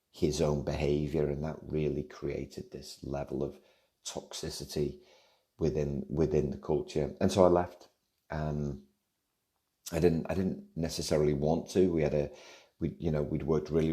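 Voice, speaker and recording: A middle-aged Liverpool man hosting a podcast, with a very deep, dark and mellow voice. He answers listener questions in a loose, chatty way. He drifts off topic and breaks off mid-sentence before picking the thread back up. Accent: Liverpool English. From England, Liverpool area. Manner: rambling, digressive, self-interrupting. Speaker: podcast host.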